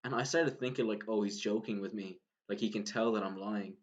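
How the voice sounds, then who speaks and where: A man's voice: on the low side, fairly even intonation, a little fast, highs cut off. A young Irish man, a podcast co-host, telling a long story in casual chat, full of "like"s and laughing as he goes. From Ireland. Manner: rambling storyteller, many "like"s, laughs while talking.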